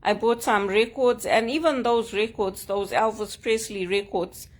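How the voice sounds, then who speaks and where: A woman's voice: medium pitch, fairly even intonation, a little slow. A woman vlogging at home, talking frankly and with grievance in short emphatic statements. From Zimbabwe. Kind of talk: personal vlog monologue. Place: at home, sitting on a couch.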